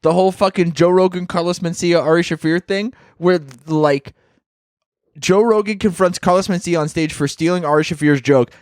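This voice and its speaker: A man's voice: high-pitched, moderate pace, darkish tone, no room sound, studio quality. A man co-hosting a comedy podcast, crude and joking in casual chat. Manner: crude, joking, tells stories with quoted bits. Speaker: podcast co-host.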